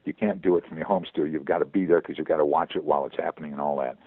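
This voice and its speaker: A veteran voice actor talking in a phone interview, halting and repeating words as he goes. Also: extremely low pitch, slightly rough, no room sound. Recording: tinny phone line.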